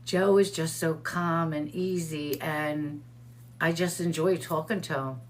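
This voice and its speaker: A chatty middle-aged woman hosts a casual livestream with a slightly low-pitched voice. She tells stories by acting out what people said and breaks off to greet viewers in the chat by name. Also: steady tone, measured pace, a little hiss or hum. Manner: storytelling with quoted dialogue. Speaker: host of a livestream show. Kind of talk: casual live-stream chat.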